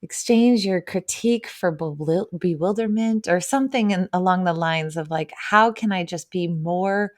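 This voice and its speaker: A woman's voice: fairly low pitch, moderate pace, hardly any pauses, dry recording, studio quality. A woman talking as a podcast guest in an earnest, emotionally open way, dropping frequent "like" and "right?" as she reflects. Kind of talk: casual podcast chat.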